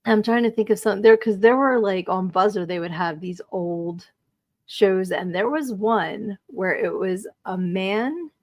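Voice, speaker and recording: A woman in her forties hosting a live stream, chatting casually and reading out viewer comments in a talkative, animated way, with lots of "like" and frequent laughter. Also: medium pitch, unhurried, dry recording. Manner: chatty and animated, heavy use of "like", laughs often. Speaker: streaming podcast host.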